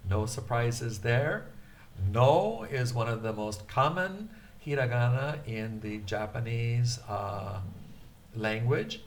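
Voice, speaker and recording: Guy teaching intro japanese, real slow, lots of uh's, says each word over and over. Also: mid-range voice, a little hiss or hum. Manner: hesitant, many filler sounds, repeats words for drill. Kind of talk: beginner language lesson.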